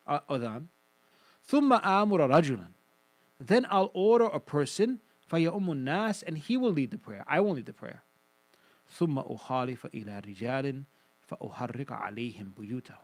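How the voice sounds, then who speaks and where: A man's voice: fairly high pitch, no room sound, poor audio. A man teaching Quran commentary on the radio, explaining emphatically and quoting Arabic recitation. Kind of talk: radio religious lesson.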